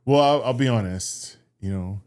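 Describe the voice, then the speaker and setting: A man co-hosting a podcast in casual chat with his partner, telling stories haltingly with restarts and chuckles. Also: medium pitch, darkish tone. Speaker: podcast co-host.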